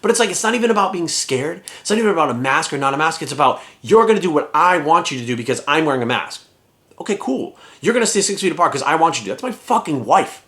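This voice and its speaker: A man and fitness vlogger delivering a heated, profane rant to his viewers, swearing often and talking in a rapid-fire rush. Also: a little high, lively intonation, pushed and bright. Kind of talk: ranting vlog monologue.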